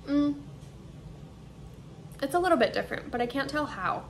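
A woman's voice: high-pitched, moderate pace, slight background noise. A young woman vlogging at home, chatting eagerly about her shopping haul and thinking aloud as she tastes snacks. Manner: chatty, excited, thinks aloud while tasting. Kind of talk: casual haul and taste-test vlog. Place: indoors at home, air conditioner running.

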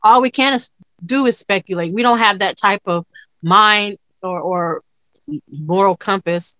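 A woman with a bright, sharp tone co-hosts a podcast, pressing her points by repeating them. The recording is dry and close. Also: mid-range voice, a little slow, dry recording. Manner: emphatic, repeats phrases. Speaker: podcast co-host. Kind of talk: casual chat.

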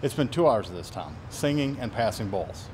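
A man complains wearily in a comedy sketch, his pitch moving a lot. Faint outdoor noise and rumble sit behind him. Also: animated, normal speed, darkish tone. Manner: weary, exasperated complaining.

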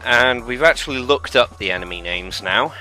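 A man's voice: medium pitch, lively intonation, moderate pace, sharp tone. Man explaining things in casual chat. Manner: chatty, explains things matter-of-factly. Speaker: co-commentator guest. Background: game music.

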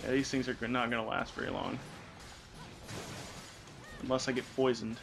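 A man's voice: mid-range voice, level tone, moderate pace, creaky, background noise. A young man from the American South hosting a casual co-op gameplay chat, laughing often and swearing freely. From Southern United States. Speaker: gaming channel host.

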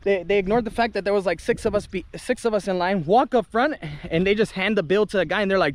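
A man's voice: sits high, brisk, no room sound. A young man, a travel vlogger, ranting casually to camera, heated and indignant, swearing freely. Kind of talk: casual vlog rant to camera.

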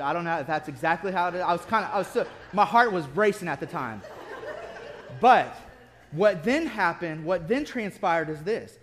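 A man preaching a sermon as pastor, telling a story with bursts of laughter and then dropping to quiet intensity. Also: high-pitched. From city-raised. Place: church sanctuary. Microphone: lectern mic at a podium.

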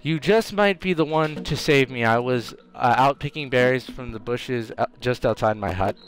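A man's voice: mid-range voice, normal speed, lightly acted. A man voicing a nearsighted old hermit in a video game, rambling and folksy. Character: nearsighted old hermit who lost his monocle.

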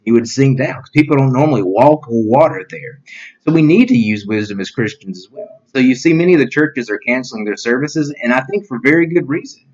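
A man's voice: mid-range voice, lively intonation, a little fast, darkish tone, highs cut off. A male pastor giving an online sermon in an earnest, plain-spoken way, often saying "you know" as he reads scripture and explains it.

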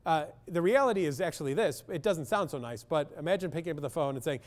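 A man's voice: a little high, sing-song, fairly quick. A man, a clinical psychologist, speaking bluntly and with humor in a public talk to parents, often asking the audience questions.

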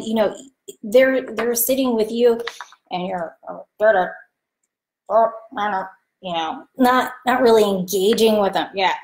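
A woman talking casually about careers and client relationships, chatty and animated, acting out the people she quotes. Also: fairly high pitch. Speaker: vlogger giving career advice. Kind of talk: casual talk to camera.

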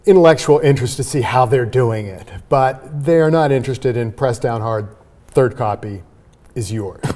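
Guy explaining his sales approach, lively and emphatic, laughs along, dark warm voice. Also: mid-range voice. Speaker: sales trainer guest. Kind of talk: conversational interview.

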